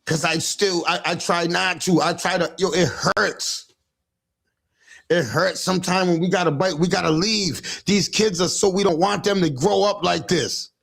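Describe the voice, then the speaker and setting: A man's voice: sits high, fairly even intonation, moderate pace, gravelly, a bit bright. A man who is a father, hosting a livestream and talking bluntly and profanely about raising kids, often stumbling and restarting his sentences. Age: adult father. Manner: blunt, profane, repeats himself with many restarts. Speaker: livestream host giving parenting talk. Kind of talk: casual street-talk monologue. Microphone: livestream setup.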